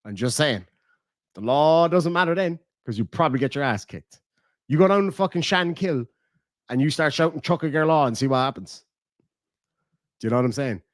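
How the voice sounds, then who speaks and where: A man's voice: on the high side, lively intonation, moderate pace, pauses often, no echo, studio quality. A man with a southern Irish accent chatting casually on a livestream, blunt and profane. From Ireland. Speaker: streamer.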